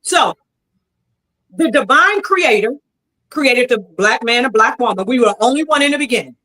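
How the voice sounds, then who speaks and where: A woman's voice: a little high, animated, normal speed, bright, forceful tone, rough recording. A woman in a heated debate, arguing in a combative, preachy way and leaning on scripture. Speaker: debate guest.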